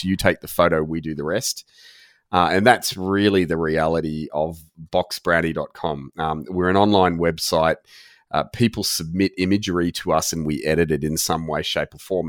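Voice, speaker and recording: A man's voice: low-pitched, no room sound, studio quality. An Australian man, a company founder guest, talking casually and jokily in a podcast interview.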